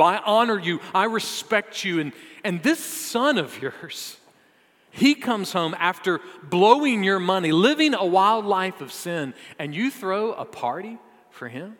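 A preacher putting on an aggrieved older brother who rants in an outraged, whiny complaint, his voice pushed up high. The long reverb of a big hall trails behind each word. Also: fairly bright tone, full character voice. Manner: exasperated complaining rant, comic exaggeration. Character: resentful grown older son, whiny and indignant.

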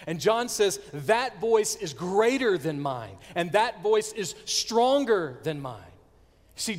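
A man preaching a sermon, swinging between loud declarations and hushed near-whispers. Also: on the high side, breathy edge. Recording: long hall reverb.

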